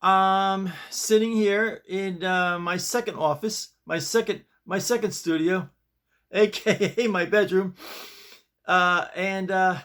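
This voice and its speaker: A man with a high, slow, slightly bright voice and a clean tone hosts his own video show from his bedroom. He sounds shaken up as he tells a casual, rambling story, restarting again and again.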